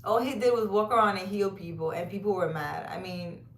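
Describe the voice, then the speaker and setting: A woman's voice: mid-range voice, steady tone, brisk, slight background noise. A woman chatting casually on a livestream outdoors in a park at night, reading out viewer comments, talking straight to viewers by name and laughing often. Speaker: livestream tarot reader.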